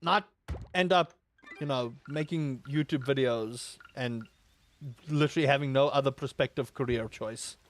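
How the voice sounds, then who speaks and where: A man's voice: mid-range voice, moderate pace. A young man with a rambling, exaggerated storytelling manner, chatting casually while playing a game. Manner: animated storyteller, exaggerated outbursts, rambling asides. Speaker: gaming YouTuber.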